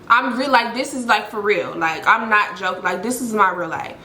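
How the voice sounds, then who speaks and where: A woman telling a story in a casual, animated, dramatic way with lots of fillers, recorded in an echoey room. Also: mid-range voice, moderate pace, slight background noise. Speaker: storytelling vlogger.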